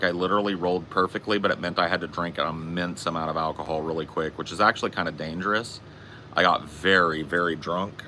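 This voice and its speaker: A man's voice: low voice, sharp tone, a little hiss or hum. A man hosting a podcast, telling a casual anecdote with plenty of swearing. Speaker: podcast host. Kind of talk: casual storytelling chat.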